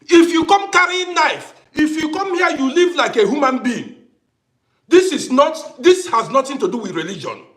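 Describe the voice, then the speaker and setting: A man's voice: very high voice, a bit bright. A middle-aged man hosting a livestream, delivering an impassioned monologue and repeating phrases for emphasis. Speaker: livestream host.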